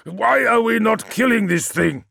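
A man plays a furious wolf warrior who snarls and growls out loud threats. The voice is raised well above the narrator's usual pitch and sounds gravelly. It is dry and close, as in an audiobook. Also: expressive, unhurried, dry recording, exaggerated voice.

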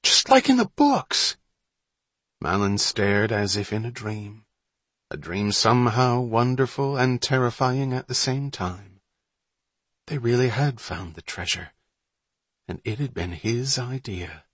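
Low-voiced guy reading a spooky kids story, husky, dry close sound. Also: a little slow, no room sound. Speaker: narrator. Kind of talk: audiobook narration.

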